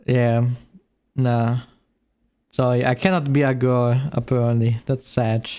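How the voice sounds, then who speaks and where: A man's voice: mid-range voice, level tone, takes it slowly, long pauses, dark tone, clear, resonant tone. A man streaming as a VTuber, reacting casually to a video, thinking aloud and laughing often.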